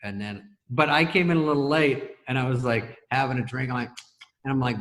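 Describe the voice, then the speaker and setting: A middle-aged man telling stories as a talk show guest over a video call, laughing through them and doing quick impressions of other people. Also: medium pitch, a bit bright. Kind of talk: casual anecdote telling.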